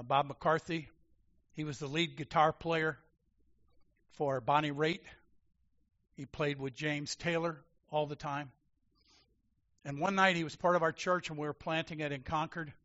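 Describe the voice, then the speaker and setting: Emphatic preacher man, bright voice. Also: on the high side. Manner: emphatic and animated, swinging from loud declarations to quiet asides. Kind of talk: sermon. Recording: dull lo-fi sound.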